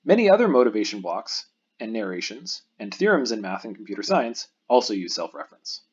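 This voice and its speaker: Husky man giving a recorded math lecture. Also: fairly low pitch, very animated, highs cut off. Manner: patient explanatory lecturing, pauses for the viewer to think.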